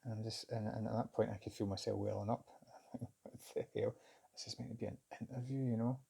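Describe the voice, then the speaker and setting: A middle-aged man telling a personal story in a candid, halting, reflective way. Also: fairly low pitch, steady tone, creaky, warm tone, husky. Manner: candid, halting, self-searching. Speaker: vlogger recounting a job interview.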